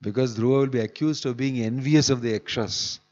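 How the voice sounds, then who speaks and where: A man with a medium-pitched, darkish voice talks a little fast as he delivers a sermon-style scripture class in a temple hall. He keeps it conversational, chuckling during asides, and the recording is dull and echoey.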